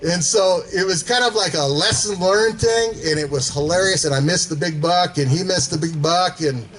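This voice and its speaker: A man's voice: high voice, normal speed, fairly bright tone, rough recording. A man telling casual stories to a gathering, rambling with fillers and chuckling as he goes. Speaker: storyteller at a gathering. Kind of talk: casual storytelling.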